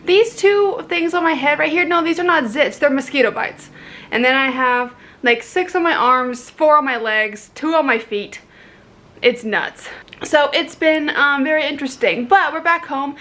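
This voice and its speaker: Young woman, fairly high voice, casual travel vlog, rambling chatter, quick laughs, recorded on a handheld camera indoors. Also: expressive, a bit bright. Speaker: travel vlogger. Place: indoors at a lodging.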